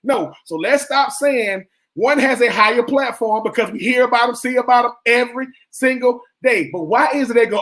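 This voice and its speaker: A man's voice: very high-pitched, moderate pace, fairly bright tone. A man co-hosting a sports radio show, a former college football player making his case with emphatic, repeated points.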